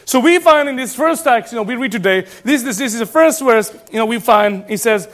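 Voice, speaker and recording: A man from Serbia preaching a sermon as pastor, animated and emphatic, often restarting his phrases. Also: very high-pitched, a little fast.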